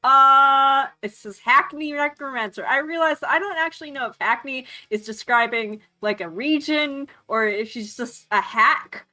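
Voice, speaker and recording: A woman's voice: high-pitched, unhurried, hardly any pauses, pushed and bright, faint music behind. A woman chatting as a tabletop game player, self-mocking. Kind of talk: casual chat.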